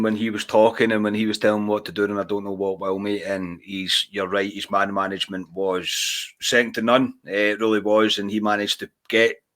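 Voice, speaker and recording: Scottish man, podcast host, low voice, flat even delivery, casual and earnest. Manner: earnest, steady, says "mate" often. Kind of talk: casual chat.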